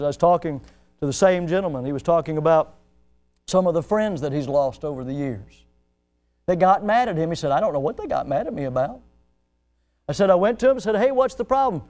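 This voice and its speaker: A male pastor preaching a sermon, swelling in pitch and volume as he acts out the people he quotes. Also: animated, brisk, darkish tone.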